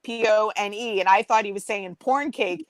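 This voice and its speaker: A woman, chatting as a panel host, bossy and teasing and quick to laugh. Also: medium pitch, no echo. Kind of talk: casual chat.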